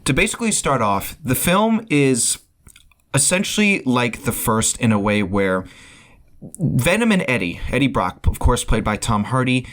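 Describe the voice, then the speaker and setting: A man talks through a casual spoiler review of a film to his viewers. His voice sits at an ordinary middle pitch, and he rambles as he goes, tripping over words, repeating himself and restarting sentences. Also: very animated, moderate pace, fairly bright tone. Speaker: movie reviewer.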